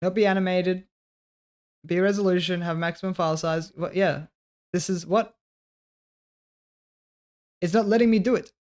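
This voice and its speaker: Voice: mid-range voice, fairly even intonation, normal speed, pauses often, darkish tone. A livestreamer chatting casually with viewers, joking, laughing often and swearing, and muttering to themself while fiddling with things. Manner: talks to self while working, trailing off mid-sentence.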